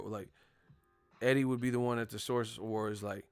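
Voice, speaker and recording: A man's voice: fairly low pitch, moderate pace, pauses often, smooth, no room sound, clean studio sound. A young man hosting a boxing live stream, ranting casually and profanely and slipping into impressions of the people he talks about. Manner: animated, profane, mimics others mid-rant. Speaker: boxing show host.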